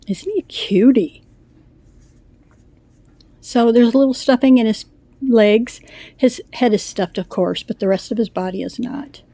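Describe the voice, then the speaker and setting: A middle-aged woman shows off her crochet pieces in a chatty, gushing way, rambling along with fillers. Her voice is mellow and relaxed, and she sounds a little out of breath. The recording is dry and close, with no room sound. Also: on the high side, unhurried, pauses often, dry recording. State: slightly out of breath. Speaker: crochet vlogger. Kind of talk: casual show-and-tell chat.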